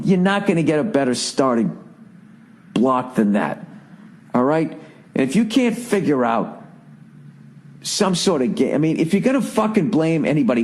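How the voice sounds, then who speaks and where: A man with a fairly high voice and a darkish tone hosts a podcast. In a monologue of comedic ranting, he swears, sneers sarcastically, and sounds thoroughly exasperated.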